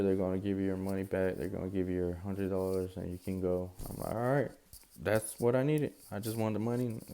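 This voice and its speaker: A young man tells a personal story in a loose, slangy way. His voice sits low and dark with a gravelly edge, and his pitch stays fairly flat even as he acts out the quotes. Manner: casual, slangy retelling with quoted dialogue. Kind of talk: casual storytelling vlog.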